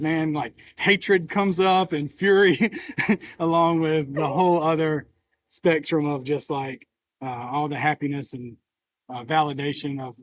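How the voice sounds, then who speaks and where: A man co-hosting a podcast who talks in a reflective, halting way and is emotional and near tears. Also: fairly high pitch, low-quality recording. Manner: reflective, halting, open about feelings. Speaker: podcast co-host. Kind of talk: casual podcast conversation.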